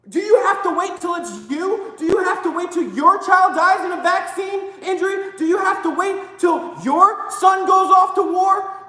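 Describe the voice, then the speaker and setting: A woman with a high voice delivers a fiery political rant on a live stream, often breaking into shouts. Her voice rings through an echoey room with a long, hanging reverb.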